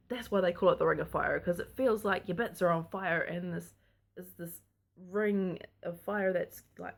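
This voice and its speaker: A young woman telling a personal story to camera in a casual vlog, candid and chatty and frank about intimate details. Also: lowish voice. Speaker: vlogger telling her birth story.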